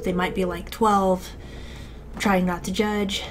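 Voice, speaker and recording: A woman talks through a game she is playing, her speech unhurried and full of hesitations and restarts. She sounds like a channel host chatting casually to her viewers. A faint noise sits under the recording. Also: mid-range voice, level tone. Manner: hesitant, rambling with many fillers and restarts. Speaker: let's play commentator. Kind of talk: casual gameplay commentary.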